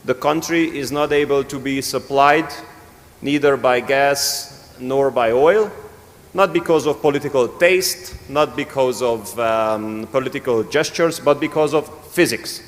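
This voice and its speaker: A man, answering on a conference panel in a firm, rhetorical, deliberate way. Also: medium pitch. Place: conference hall. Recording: long reverb in a conference hall.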